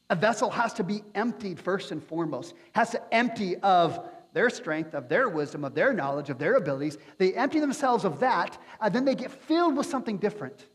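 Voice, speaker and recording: A male pastor preaching a sermon with passion, building to near-shouts at his high points. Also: husky. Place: church sanctuary. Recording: long hall reverb.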